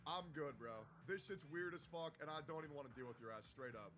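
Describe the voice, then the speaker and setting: Male streamer in a heated call, slightly high voice, dismissive and mocking. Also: expressive, fast, noisy background. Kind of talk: heated online argument.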